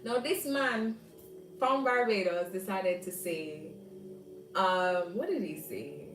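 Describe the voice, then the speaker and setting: Jamaican woman hosting a live chat, lively and laughing, roomy echo, sits back from mic, faint music. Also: medium pitch, slow, far from the mic, slight background noise. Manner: animated, laughing, banters with viewers. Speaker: livestream host. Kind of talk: casual chat reading live comments.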